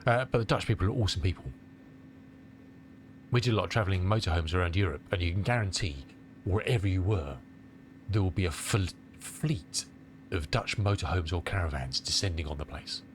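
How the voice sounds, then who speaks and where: A man's voice: low voice, fairly quick, slight background noise. A middle-aged man from England with a cold, chatting casually with his live-stream viewers and rambling as he answers their comments. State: has a cold. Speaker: flight sim streamer.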